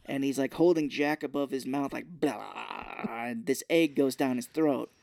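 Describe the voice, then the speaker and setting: A man's voice: mid-range voice, normal speed, a little mellow, no room sound, clean studio sound. A man co-hosting a podcast, casually recapping a movie with jokes and swearing. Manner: jokey, acts out characters in silly voices, swears freely. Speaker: podcast co-host.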